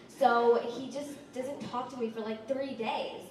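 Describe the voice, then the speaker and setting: A woman's voice: sits high, flat delivery, a little slow, few pauses, background noise. A teenage girl telling a rambling stand-up story at an open mic, full of likes and ums. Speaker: stand-up performer. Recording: echoey room from far off.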